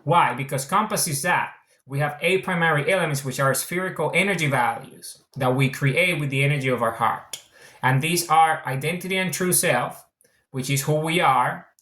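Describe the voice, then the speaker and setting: A Venezuelan author with a mixed international accent talks casually about his book, earnest and repetitive, circling back to his points in an explanatory monologue. His slightly high voice is bright and forceful at normal speed, in an echoey room.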